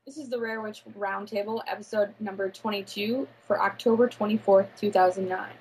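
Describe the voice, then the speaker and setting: A woman's voice: medium pitch, fairly even intonation, a little fast, darkish tone, slight background noise, rough recording. A woman from California hosting a casual podcast, giggly and self-conscious, often restarting her lines. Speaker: podcast host.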